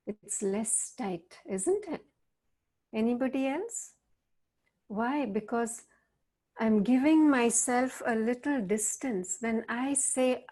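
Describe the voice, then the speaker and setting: A middle-aged woman, a counselor gently guiding listeners through a mindfulness exercise on a video call. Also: a little high. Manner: gentle, reflective, guiding with soft prompts. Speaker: counselor leading a wellness talk. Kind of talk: guided mindfulness session over video call.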